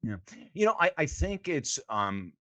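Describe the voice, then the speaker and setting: An older man, a sports psychology coach, telling lively stories in a podcast interview and acting out the quotes. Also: a little high, unhurried. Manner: animated storyteller, acts out quotes.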